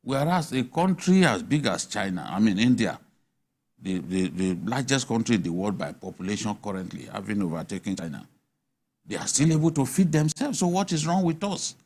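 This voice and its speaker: A man's voice: on the low side, sing-song, a little fast, a little mellow, husky. Emphatic Nigerian man on a panel. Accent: Nigerian English. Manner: emphatic, argumentative, rhetorical questions. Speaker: panel guest. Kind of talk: animated studio panel discussion. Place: TV studio.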